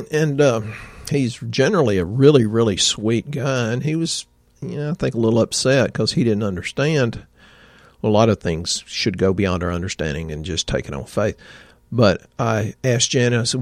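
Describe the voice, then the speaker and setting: A podcast host and health practitioner tells folksy stories and speaks straight to his listeners on his health podcast. His voice sits on the low side, with lively intonation at a moderate pace and no echo.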